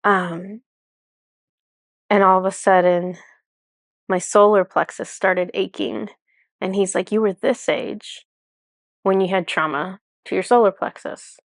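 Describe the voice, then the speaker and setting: Woman, casual rambling storyteller, mid pitch, dry close mic. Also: fairly even intonation, unhurried, gravelly, long pauses, no echo. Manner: chatty and rambling, full of "like" and self-corrections. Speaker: spiritual channeler telling a personal story.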